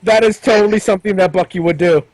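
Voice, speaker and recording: A man's voice: high-pitched, quick pace, a crowd in the background, low-quality recording. A man running a tabletop game as game master, chatting casually and hesitantly with many ums and restarts.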